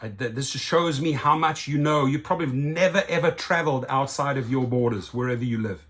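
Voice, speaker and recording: A man's voice: medium pitch, a little fast, fairly bright tone. A man from South Africa hosting a rideshare channel, giving emphatic opinion commentary and often tagging his points with "right?".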